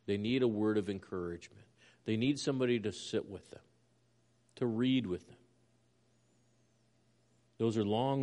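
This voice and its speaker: A man's voice: medium pitch, darkish tone, in a large hall. A man preaching a sermon as a pastor, reading scripture aloud with rising intensity.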